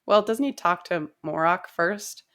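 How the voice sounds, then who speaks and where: A woman's voice: fairly low pitch, a little slow, fairly bright tone. A woman co-hosting a podcast in casual book talk, playfully acting out characters' lines in jokey voices. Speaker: podcast co-host.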